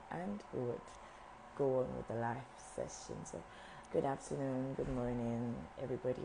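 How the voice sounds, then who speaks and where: A young woman talks viewers through visa updates on a live stream, her voice low and mellow. She restarts and repeats phrases as she goes, and a faint hiss sits under the recording. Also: vocal fry, rough recording. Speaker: visa officer at a travel agency. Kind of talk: live-stream information session.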